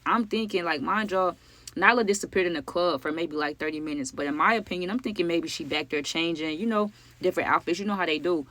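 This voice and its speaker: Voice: medium pitch, quick pace, sharp tone, no room sound. A vlogger telling a true story in casual narration, full of "like" and "you know what I'm saying," talking straight to the viewers. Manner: talks straight to viewers as "y'all".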